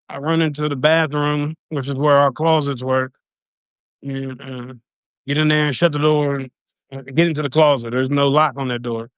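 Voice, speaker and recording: A man's voice: mid-range voice, fairly bright tone, smooth, dry recording. A man on a livestream telling a personal story in a loose, rambling, profane way.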